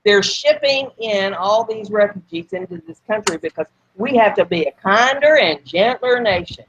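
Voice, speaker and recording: Female co-host; emphatic, indignant talk at a mid pitch. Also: animated, moderate pace, muffled recording, slight background noise. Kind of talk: casual political talk.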